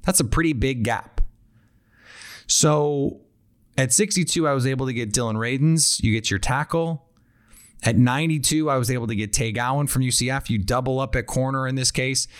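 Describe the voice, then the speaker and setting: A man's voice: medium pitch, normal speed. A man hosting a football talk show, thinking aloud and breaking down draft picks in a conversational way. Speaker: football analyst host. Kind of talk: casual draft analysis talk.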